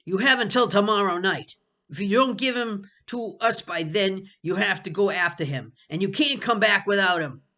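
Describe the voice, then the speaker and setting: A woman's voice: mid-range voice, normal speed, bright, forceful tone, voice pushed up, close to an everyday voice. A woman voicing a scornful, bossy boy who speaks with disgust and gives orders, in a storybook reading. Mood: commanding. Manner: disgusted and commanding.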